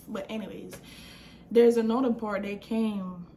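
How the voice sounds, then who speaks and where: A young adult woman vlogger telling a storytime in a casual, slangy, animated way, acting out what people said. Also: fairly high pitch, moderate pace, a little hiss or hum. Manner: animated, slangy, acts out quotes.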